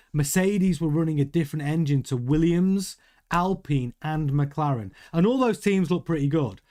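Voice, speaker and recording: A man hosting a casual motorsport news commentary, animated and jokey, often laughing. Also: a little high. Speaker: news host.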